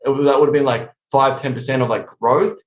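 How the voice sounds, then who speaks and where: A man's voice: medium pitch, fairly even intonation, brisk, echoey room, highs cut off. A man talking casually on a podcast, telling rambling stories full of swearing. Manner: profane, rambling storytelling.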